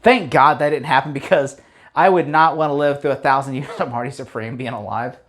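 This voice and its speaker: A man's voice: medium pitch, fairly quick, a bit bright. A man giving a casual spoken movie review, rambling through the plot with many fillers and restarts, blunt and opinionated.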